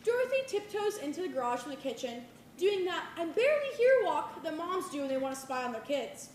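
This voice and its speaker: A woman's voice: high-pitched, big pitch swings, brisk, a little hiss or hum. Woman reading stage directions. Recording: live reading in an echoey hall.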